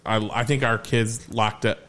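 A man hosting a podcast, telling stories in a lively, casual way and swearing freely. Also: mid-range voice, moderate pace. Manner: animated storyteller, swears freely. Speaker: podcast host.

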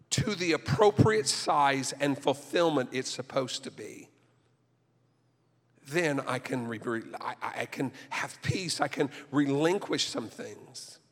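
A male pastor delivers a sermon, swinging from conversational asides to impassioned, near-shouted declarations. His voice sits a bit high for a man. Long reverb from the sanctuary trails after each phrase. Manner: impassioned, rising to near-shouting, with stumbles and restarts.

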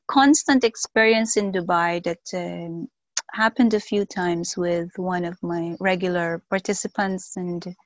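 A woman sharing personal reflections slowly on a video call, with many pauses and fillers. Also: on the low side, dry recording, rough recording. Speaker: workshop participant sharing.

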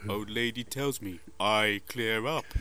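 A man's voice: lowish voice, a little slow, pushed and bright, a little hiss or hum. A man playing a primitive male entertainer who speaks in broken grammar, in improv comedy. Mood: grumbling.

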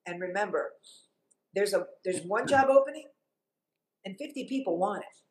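A middle-aged Cuban TV journalist, appearing as an interview guest, tells her stories in an animated, emphatic way. Her voice is mid-range and moves at normal speed, though the audio quality is poor.

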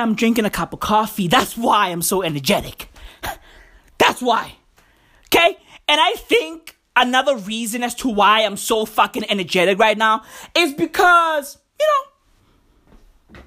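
A woman from South Africa with a South African accent, delivering a hyper-energetic, slang-heavy, profane comedic rant monologue and repeating her phrases. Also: fairly high pitch, normal speed.

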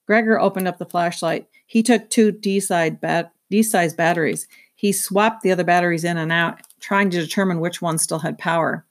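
A woman reading a children's novel aloud, in a steady storytelling manner. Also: on the low side, normal speed, hardly any pauses. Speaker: reader. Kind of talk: children's book read-aloud.

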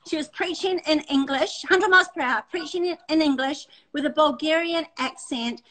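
An Australian woman hosting a casual chat, effusive and full of quick restarts. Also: sits high, a bit bright, rough recording. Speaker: host.

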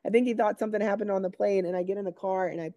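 A woman, a recreational therapist, telling an emotional story in an interview, lively, acting out quoted voices with many fillers. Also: mid-range voice, rapid-fire, dry recording, clean studio sound.

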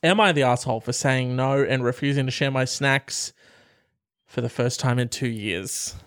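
A man co-hosting a casual chat, telling stories in a wry, animated way and swearing along the way. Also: medium pitch, moderate pace, clean tone, no room sound, studio quality. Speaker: podcast co-host reading questions.

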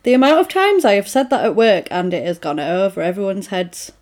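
A woman casually recapping a film's scenes to a friend, animated and quick to act out the characters' lines. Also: medium pitch. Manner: animated retelling, acting out quoted lines with laughs. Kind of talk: casual film recap chat.

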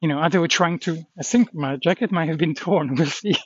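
A man's voice: on the high side, fairly quick, no echo, muffled recording. A shaken man rambling about a dog fight, swearing under his breath and trailing off. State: shaken, adrenaline-pumped. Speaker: vlogger. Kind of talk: shaken personal vlog after a dog fight.

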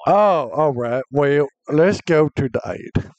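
A man hosting a comedy podcast, answering in a deadpan way with naive questions. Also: a little high, takes it slowly, dry recording, lo-fi sound. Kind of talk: casual podcast banter.

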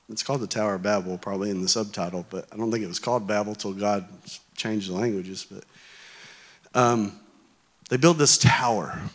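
A man's voice: mid-range voice, fairly bright tone. A man preaching a sermon in a church hall, talking conversationally and joking with the congregation.

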